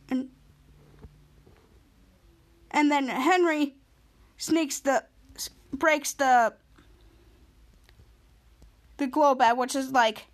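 High-voiced woman recapping an episode. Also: fairly even intonation, very slow, pauses often. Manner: rambling retelling with restarts. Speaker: podcast host.

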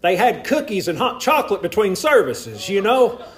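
A man with a Southern Appalachian accent, preaching a sermon in a folksy, animated way with asides to the congregation. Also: high-pitched, moderate pace. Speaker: pastor. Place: church.

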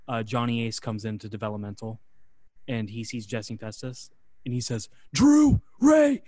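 A man's voice: medium pitch, no room sound. Male podcast host, casual storyteller, dry close sound. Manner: relaxed, with fillers, acts out quotes. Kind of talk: casual storytelling and match recap.

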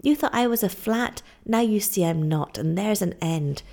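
A woman reading aloud and voicing a rough, hard-drinking male sailor who talks bluntly, loudly and mockingly. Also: mid-range voice, animated, moderate pace. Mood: boastful.

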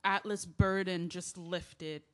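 A woman's voice: fairly low pitch, fairly even intonation, takes it slowly. Brief: woman as an earnest, confessional lead narrating her letters, audio drama. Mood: reflective. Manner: earnest, confessional, rising to yelling. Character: grieving young woman named Lia writing letters.

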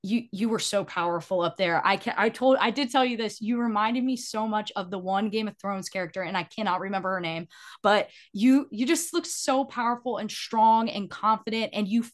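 Woman host, effusive and chatty, mid-pitched, stumbles over her words. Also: moderate pace. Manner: effusive, gushing, with many restarts. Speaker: podcast host. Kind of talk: casual interview chat.

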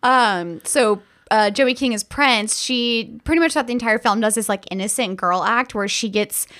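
A woman with a slightly high voice co-hosts a relaxed film review chat. She recaps scenes with real enthusiasm and slips into quoting the characters' lines. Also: moderate pace. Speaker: podcast co-host. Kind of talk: casual movie review chat.

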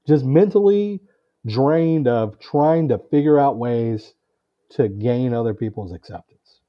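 A man talks as a podcast guest, telling a story about himself in a casual, animated way. He acts out what people said and swears freely. His voice sits at a middle pitch, and the recording is a little dull and lo-fi.

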